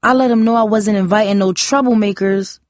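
A woman's voice: medium pitch, steady tone, a little fast, no echo, studio quality, close to an everyday voice. A woman reading as a bitter teenage girl. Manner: bitter, pleading.

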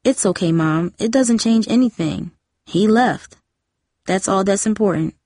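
A woman's voice: medium pitch, unhurried, dark tone, no room sound, clean studio sound, natural voice. A woman voicing an earnest, studious teenage girl in a storybook reading. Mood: reassuring.

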